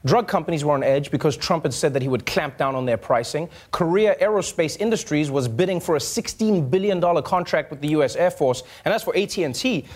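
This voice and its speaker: Wry high-voiced comedy host. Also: male voice, a little mellow. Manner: wry, punchline-driven, laughs between jokes. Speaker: late-night comedy host. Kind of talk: satirical monologue.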